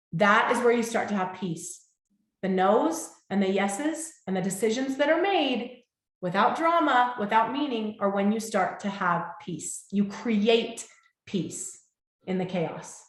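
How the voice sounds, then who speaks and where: A woman hosting a motivational talk, speaking heartfelt and warm and checking in with her listeners often. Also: mid-range voice, lively intonation, slow pace. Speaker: host. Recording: echoey room.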